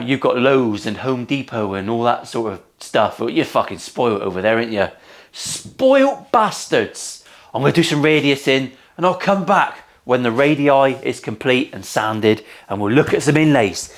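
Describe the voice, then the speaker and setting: Sweary, lively man in a workshop. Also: mid-range voice. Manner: cheeky, sweary banter with viewers. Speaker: luthier and channel host. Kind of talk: casual workshop vlog. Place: guitar-making workshop.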